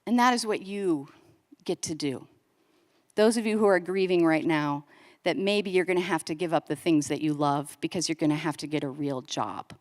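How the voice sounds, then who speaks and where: A woman giving an inspirational conference talk, telling a story with lively quoted voices and building to an earnest appeal. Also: sits low, normal speed. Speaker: conference speaker. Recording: long hall reverb.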